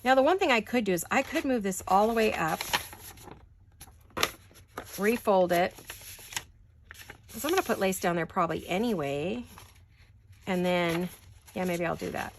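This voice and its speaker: A woman's voice: mid-range voice, lively intonation, normal speed, pauses often, background noise. A middle-aged woman chatting casually while she does paper crafts. She talks to herself as she works and giggles often.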